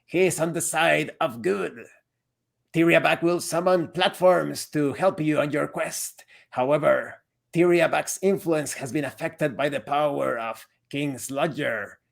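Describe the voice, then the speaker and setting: A solemn, devout cockroach priest who speaks in slow, weighty pronouncements, as a game master puts him on. The voice sits a little high for a man. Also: creaky.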